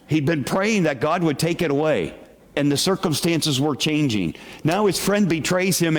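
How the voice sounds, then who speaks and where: A man preaching a sermon to a congregation as their pastor, talking conversationally and asking the listeners questions. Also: on the high side. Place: church sanctuary with congregation. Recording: long reverb of a large hall.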